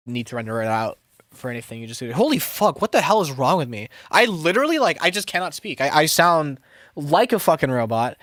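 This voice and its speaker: A man's voice: mid-range voice, fairly bright tone, no room sound, clean studio sound. Rambling, swearing young man producer. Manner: rambling, profane and self-mocking, with many restarts. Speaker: music producer streaming to chat. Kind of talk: casual live-stream chat while producing.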